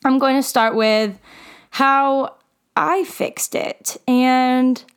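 Young woman, smooth clear voice, candid, heartfelt, lots of "like" fillers. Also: high-pitched, steady tone, very slow. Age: young adult. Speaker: mental health vlogger. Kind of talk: earnest personal talk to camera.

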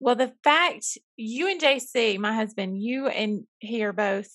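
A woman's voice: a little high, a little slow, fairly bright tone, dry recording. A woman with a Southern US accent, a school counselor co-hosting a podcast, telling stories in a chatty way with folksy phrases. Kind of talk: casual chat.

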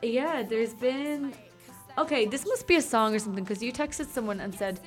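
A woman's voice: a little high, normal speed, soft background music. A young woman in her twenties, co-hosting a college radio show with teasing, laughing banter. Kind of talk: casual chat.

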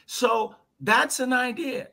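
A man guesting on a podcast, telling his story in a lively, folksy way and slipping into little voices. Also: very high voice, slow pace, gravelly. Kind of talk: animated storytelling in conversation.

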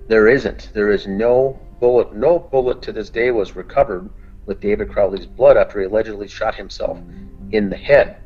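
A man's voice: lowish voice, normal speed, breathy edge, muffled recording, faint music behind. A man co-hosting a true-crime podcast, going through facts methodically, point by point. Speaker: podcast co-host, group admin. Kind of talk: detailed discussion.

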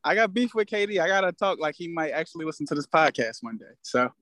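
Man, podcast co-host, high voice, opinionated and slangy. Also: lively intonation, fast talker, fairly bright tone, no echo. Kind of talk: casual sports chat.

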